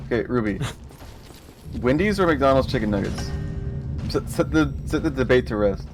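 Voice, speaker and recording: Young man, casual stream chatter, loud game music under him. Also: mid-range voice, expressive, moderate pace. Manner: chatty, with many restarts. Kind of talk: casual chat.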